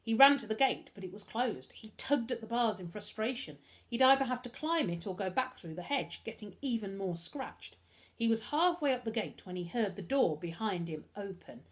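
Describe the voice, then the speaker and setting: A woman teacher with an English accent reading a children's book aloud in an expressive, animated storytelling style. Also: medium pitch, moderate pace. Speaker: primary school teacher.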